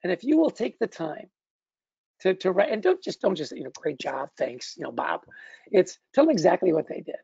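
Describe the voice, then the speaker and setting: A middle-aged man giving a motivational webinar talk. He tells stories in a lively way and keeps checking in with "right?". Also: sits high, brisk, slightly rough, dry recording, dull audio. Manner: lively storytelling, often asks "right?". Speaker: speaker on leadership.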